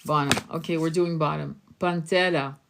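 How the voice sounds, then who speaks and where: A woman's voice: low-pitched, fairly even intonation, moderate pace, creaky. A woman hosting a live-streamed oracle reading, encouraging her viewers to share. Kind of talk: live-streamed spiritual session.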